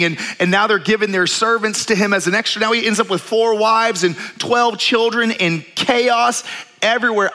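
A middle-aged male pastor with a high voice preaches a sermon in an animated, storytelling style, full of jokes and asides.

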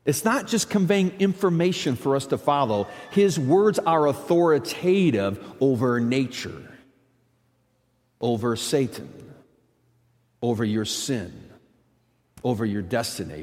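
A man's voice: mid-range voice, animated, unhurried, a little mellow, in a large hall. A man preaching a sermon as pastor, in a conversational, emphatic way with frequent asides. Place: church.

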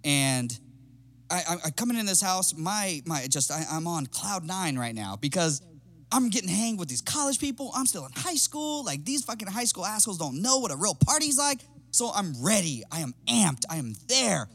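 A middle-aged man spins a story in relaxed podcast chat, his voice bright and a touch high. He gets animated, laughs often and belts out the lines of the people in his tale. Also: moderate pace. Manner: animated, laughing, acts out quotes loudly. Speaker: podcast guest. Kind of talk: casual storytelling.

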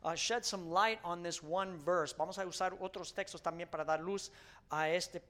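Man preaching, high-pitched voice, bilingual sermon, repeats each line, storytelling. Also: steady tone, normal speed, pushed and bright. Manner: repeats each point in a second language, storytelling. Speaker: pastor.

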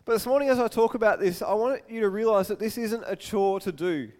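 With a voice that sits high, this male pastor delivers his sermon in a lively, conversational way, full of quick asides and gentle jokes at his own expense.

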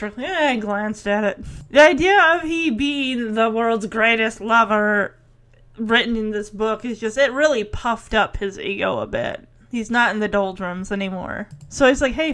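A slightly high-voiced woman talks through a show's episode in a loose, chatty way. She giggles a lot and breaks into playful little impressions of the characters as she goes. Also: a bit bright. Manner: chatty and giggly, laughs often. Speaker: show recapper. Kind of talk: casual recap chat.

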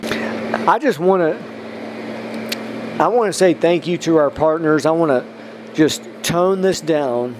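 A man's voice: a little high, slow pace, pauses often, noisy background. Emphatic preaching man, podcast host. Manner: emphatic, rising to stress points, then praying through a list.

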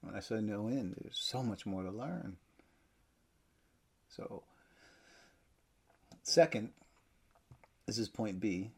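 A man preaching a sermon, emphatic, with loud stresses that drop to near-whispers. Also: lowish voice, lively intonation, takes it slowly, creaky, pauses often, husky.

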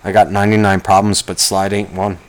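A man's voice: flat delivery, fairly quick. Profane rambling young man ranting. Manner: profane, rambling, jumps into mocking high-pitched impressions. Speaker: vlogger. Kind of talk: casual rant to camera.

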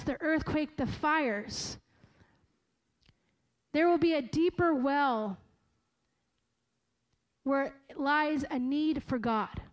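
A woman with a high, light voice preaches a sermon in an earnest and emphatic way. She leans into phrases slowly and often stops to correct herself mid-thought. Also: low-quality recording. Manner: earnest, slow and emphatic, with frequent self-corrections.

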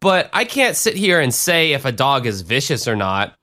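A man's voice: mid-range voice, big pitch swings, normal speed, pushed and bright. A man hosting a podcast, telling a profane, rambling story in a self-deprecating way. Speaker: podcast host and DJ. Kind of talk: casual storytelling.

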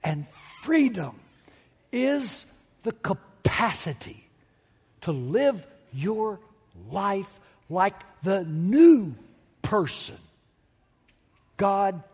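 Male pastor, high voice, slow dramatic sermon delivery, big hall reverb. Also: expressive, breathy edge. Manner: dramatic, slow emphatic preaching with sudden loud climaxes. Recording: long reverb of a large hall.

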